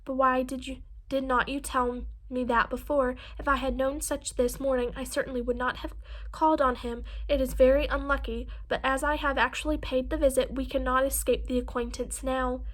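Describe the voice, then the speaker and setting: A wry, teasing older gentleman father, read by a woman in a period storybook. The voice sits high and bright for the part, with a dry, lightly mocking way of speaking. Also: level tone, moderate pace.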